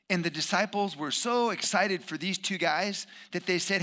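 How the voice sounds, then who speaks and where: A man preaching a sermon, emphatic, swinging between loud bursts and hushed asides. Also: sits high, brisk, hardly any pauses.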